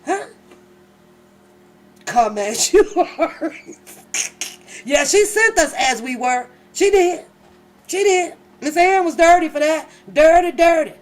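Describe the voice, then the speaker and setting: A woman hosting her channel, telling comic stories in a casual, animated and profane way, laughing often. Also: high-pitched. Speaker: channel host. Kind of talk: casual comedic storytelling.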